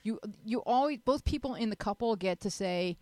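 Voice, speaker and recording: A woman hosting a panel talk show, chatty and upbeat and quick to laugh. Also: on the high side, expressive, mellow, dry recording. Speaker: show host.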